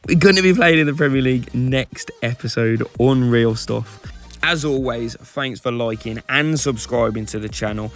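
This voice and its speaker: A young man hosting a video game let's-play, excitable and given to loud celebratory shouts. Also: mid-range voice, moderate pace, reverberant, faint music behind. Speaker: gaming channel host. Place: home room.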